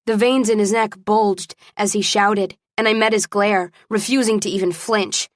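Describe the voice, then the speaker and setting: A woman narrating a first-person audiobook in a steady, expressive storytelling voice. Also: medium pitch, moderate pace, no room sound, studio quality.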